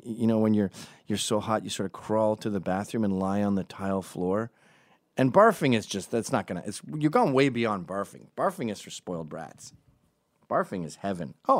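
A man's voice: fairly low pitch, a little mellow, no room sound, clean studio sound. A man, telling rambling, sardonic stories in a casual comedic monologue. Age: 40s. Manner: rambling, sardonic storytelling with voiced asides. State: recovering from strep throat.

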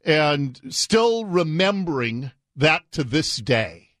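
A man's voice: big pitch swings, slow, fairly bright tone, dry recording, clean studio sound. A man in his fifties hosting talk radio, mocking and sarcastic in his commentary. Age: 50s. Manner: sarcastic, mocking, swings in pitch. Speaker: radio host.

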